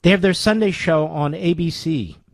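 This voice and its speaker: A man's voice: a little high, normal speed, creaky, no room sound. A man hosting a talk radio show, delivering a sarcastic, combative monologue full of rhetorical questions from a studio microphone.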